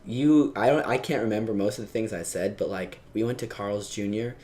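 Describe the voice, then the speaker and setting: A young man on a podcast, chatting casually, excitable and quick to laugh and cut in. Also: on the low side. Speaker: podcast co-host. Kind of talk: casual chat.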